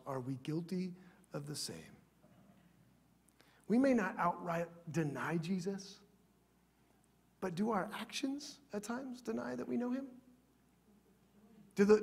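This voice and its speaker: A male pastor preaches in a church, his voice pitched high with a husky grain. He talks earnestly and often sinks to a hushed, prayerful tone. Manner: earnest, drops to soft prayerful tones. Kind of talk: sermon.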